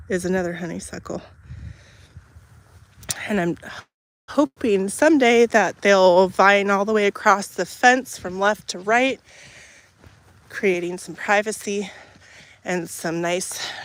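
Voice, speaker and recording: Slow-talking woman live from her garden. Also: mid-range voice. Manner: chatty, coos softly to her animals. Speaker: livestream host. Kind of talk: casual livestream chat. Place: outdoors in a garden. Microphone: phone held in hand.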